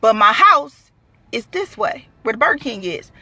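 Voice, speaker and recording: A woman telling a true story in a blunt, animated, profane way, full of fillers. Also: fairly high pitch, moderate pace, dry recording. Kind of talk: casual storytelling to camera.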